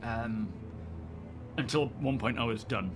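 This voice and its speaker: A man's voice: mid-range voice, unhurried, music in the background. A man hosting a live stream, chatting casually and greeting viewers as he rambles.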